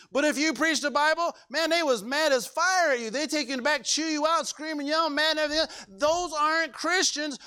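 A man's voice: very high-pitched, sharp tone. A male pastor preaching a sermon, emphatic and full of rhetorical questions to the congregation.

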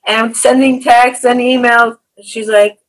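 A woman hosting a conversational interview who tells stories in an earnest, animated way. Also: on the high side, takes it slowly, poor audio. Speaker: podcast host.

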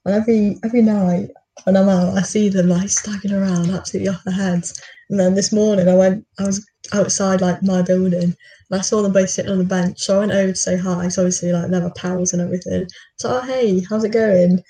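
A young woman from Stafford co-hosts a podcast over a remote call, chatting loosely and laughing often. Her voice is mellow and a little dark. She sounds set back from the mic in an echoey room. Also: medium pitch, level tone, quick pace. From Stafford, England. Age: young adult. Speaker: podcast co-host. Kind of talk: casual chat. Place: student room at a university. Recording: roomy, distant call audio.

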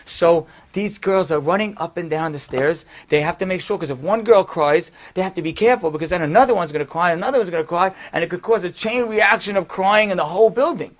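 A man's voice: sits high, fast talker, hardly any pauses. A man, a rabbi, telling a story to his class in a conversational way with casual asides.

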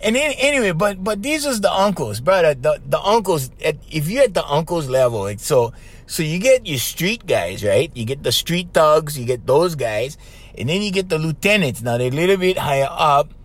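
A man's voice: a little high, very animated, moderate pace. A man with a Hawaiian Pidgin accent, hosting a podcast as a casual, loose monologue full of "bro" and laughs. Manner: chatty, loose, laughs often, says bro. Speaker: podcast host.

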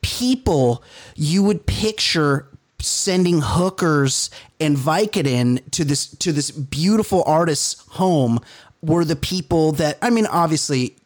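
A man's voice: a little high, animated, takes it slowly. A man hosting a casual podcast chat. He talks candidly, swears freely and speaks with open emotion. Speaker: podcast host.

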